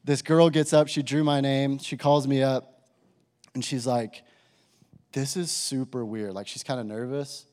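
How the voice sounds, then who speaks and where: A young man sharing a personal testimony with a live audience, in a casual, animated way full of filler words. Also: medium pitch, normal speed. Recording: reverberant hall.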